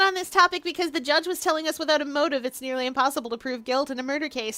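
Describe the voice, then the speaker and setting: A woman streamer talks casually over a game, rambling and playful, sometimes breaking into loud, silly outbursts. Her voice is bright and fairly high. The mic is close and the sound is dry. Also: fast, dry recording. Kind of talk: casual gaming livestream chat.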